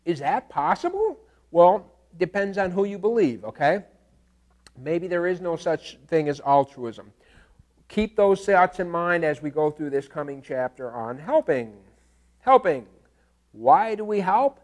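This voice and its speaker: High-voiced man giving a casual lecture. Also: unhurried. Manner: animated storytelling, acts out screams and animal calls; casual, checks in with "okay?" and "all right?". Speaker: teacher. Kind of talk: classroom lecture.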